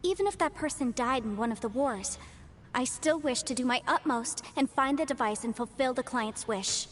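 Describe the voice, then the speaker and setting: An actress playing a composed, formal legal adviser explaining things in a game. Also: female voice, sits high, a little hiss or hum, natural voice. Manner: measured, formal.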